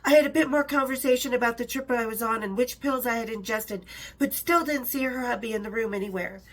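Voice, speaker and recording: A woman's voice: on the high side, fast. A middle-aged woman reading her own memoir aloud, breaking off for chatty asides and laughs. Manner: chatty, laughs between passages, self-interrupting. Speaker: author and storyteller.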